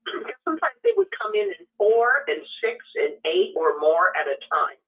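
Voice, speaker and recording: A woman's voice: medium pitch, wildly swooping pitch, moderate pace, creaky. A woman co-hosting a talk show, speaking in an indignant, emphatic way. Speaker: co-host. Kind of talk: casual radio talk. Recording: tinny phone line from a distance.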